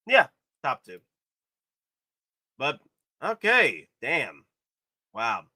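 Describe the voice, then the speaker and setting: High, lively, gushing male streamer. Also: very slow, no room sound, studio quality. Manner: gushing, exclamatory, repeats phrases. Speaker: collectible figure reviewer hosting a live stream. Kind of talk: excited live-stream commentary. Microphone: streaming setup.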